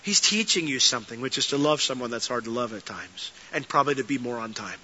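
A man pastor delivering a sermon, telling stories with lively energy and dropping to soft earnest tones. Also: mid-range voice, fast, slightly rough, highs cut off. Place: church sanctuary.

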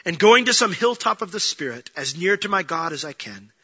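A man preaching a sermon, telling a story with lively acted-out lines, swinging from loud and fast to quiet and low. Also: husky, muffled recording. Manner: animated storytelling, acting out quoted lines, rising to near-shouting then dropping low. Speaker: pastor.

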